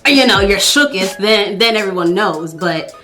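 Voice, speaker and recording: A woman's voice: mid-range voice, animated, moderate pace, bright, forceful tone, faint music behind. A young woman telling a casual storytime on her vlog, chatty and full of fillers. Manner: chatty, lots of fillers, acts out her own thoughts. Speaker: vlogger.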